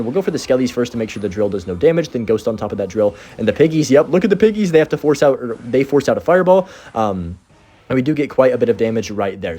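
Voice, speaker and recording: Fast-talking young man commentating gameplay. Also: mid-range voice, husky. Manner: excitable, talks to viewers, frequent fillers and self-corrections. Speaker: gaming content creator.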